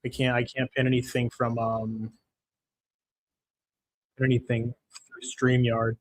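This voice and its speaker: A young man hosting a live stream, swearing constantly and venting his frustration over a lost bet. His voice sits at an ordinary middle pitch, and he answers chat comments in a casual, irritated way. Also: flat delivery, a little slow, long pauses. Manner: profane, frustrated ranting; reads chat comments aloud. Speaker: livestream host.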